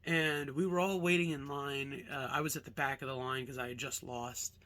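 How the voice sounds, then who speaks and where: A man's voice: mid-range voice, steady tone, moderate pace, sharp tone. A young man from Alaska casually telling a rambling childhood story with lots of fillers and swearing. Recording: music playing behind.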